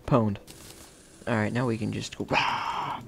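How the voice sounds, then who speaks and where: A man casually narrating his own gameplay as the host of a game video, chatty and playful, with sudden excited shouts. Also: fairly low pitch, measured pace, creaky, a little hiss or hum.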